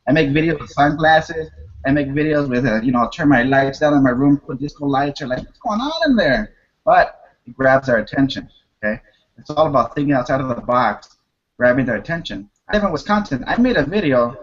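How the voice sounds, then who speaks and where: A man giving marketing tips in a casual group call, talking with energy and breaking into excited acted-out voices. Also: mid-range voice, fairly quick. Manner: energetic, animated, jumps into excited put-on voices. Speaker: guest marketer. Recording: dull lo-fi audio.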